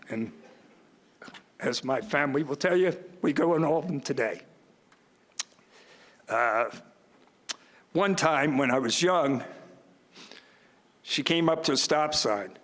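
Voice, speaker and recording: A man's voice: mid-range voice, a bit bright. An older man giving a commencement speech, telling folksy stories with self-deprecating humor from a podium. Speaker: student commencement speaker. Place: large ceremony hall. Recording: long reverb of a large hall.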